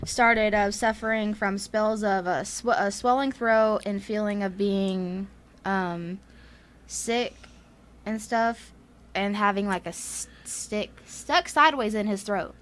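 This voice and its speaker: A woman's voice: medium pitch, fairly even intonation, slow pace. Rambling Southern woman telling a ghost story. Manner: rambling, laughs often, many fillers. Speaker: podcast co-host. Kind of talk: casual storytelling chat.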